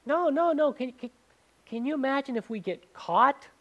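A man voicing a nervous young woman on a first date, stammering her refusals in a high voice. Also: expressive, moderate pace, a bit bright, highs cut off. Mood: flustered.

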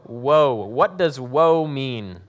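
A pastor giving a sermon, reading scripture dramatically and then explaining it in a casual, joking way. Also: male voice, mid-range voice, animated, drawn-out words.

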